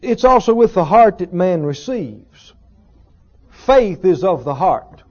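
High-voiced preacher with a mellow tone. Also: male voice, big pitch swings, takes it slowly, muffled recording. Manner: earnest teaching with repetition and rhetorical questions. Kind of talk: sermon. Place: church service with a congregation.

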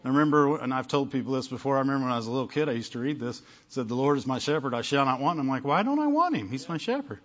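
A man's voice: mid-range voice, fairly even intonation, very fast, hardly any pauses. Man preaching on a dull lo-fi recording. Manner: conversational preaching, frequent "amen?" and "right?" to the congregation. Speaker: pastor. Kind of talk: sermon.

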